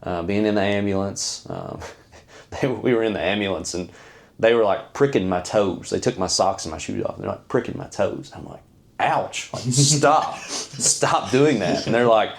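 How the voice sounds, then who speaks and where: Podcast guest: man, low-pitched, halting, earnest storyteller. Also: vocal fry. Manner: earnest, halting, many fillers and restarts. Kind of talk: personal storytelling.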